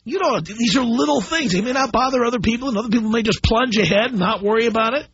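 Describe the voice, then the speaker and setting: A middle-aged man hosting a call-in radio show, blunt and animated as he tells stories to his listeners. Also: extremely high pitch, fast talker, slightly rough, dry recording. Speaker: radio talk show host. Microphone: studio microphone. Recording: dull broadcast audio.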